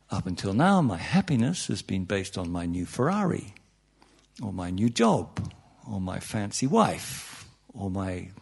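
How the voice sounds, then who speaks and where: Guy with a gravelly voice teaching meditation, chatty and jokey, keeps saying you know, pitch jumps up when he makes a point. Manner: chatty and humorous, many asides and "you know"s. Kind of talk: informal spiritual talk to an audience.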